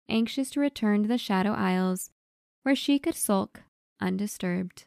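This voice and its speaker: A woman's voice: medium pitch, moderate pace, gravelly, darkish tone, smooth, no echo. Female storybook narrator, wry and dramatic, dry close sound.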